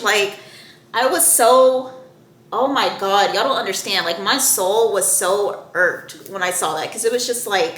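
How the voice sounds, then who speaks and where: A woman's voice: medium pitch, measured pace, a bit bright, reverberant. A young woman telling a personal story to her viewers in a casual, heated, profane way. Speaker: storyteller vlogger.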